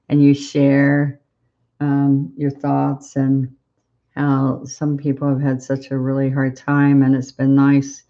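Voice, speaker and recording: A woman leads a live painting lesson in an unhurried, fairly level voice, chatting to viewers as she works. The sound is a little dull, like live-stream audio. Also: very deep voice. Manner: chatty, encouraging, talks to viewers while painting. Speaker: painting instructor.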